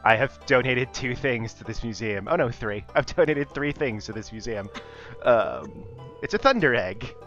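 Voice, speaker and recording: A young man talks through a game in a relaxed, easygoing way, laughing often as he explains. His voice sits at an ordinary middle pitch, and the audio is a little dull, with faint music playing behind him. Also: normal speed. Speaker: podcast co-host streaming a game. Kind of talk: casual game-stream chat.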